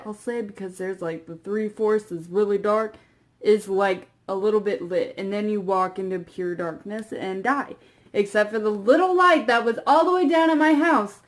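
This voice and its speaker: A young woman vlogger telling a long story to camera in a rambling, casual way, full of fillers and quiet trailing asides. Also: medium pitch.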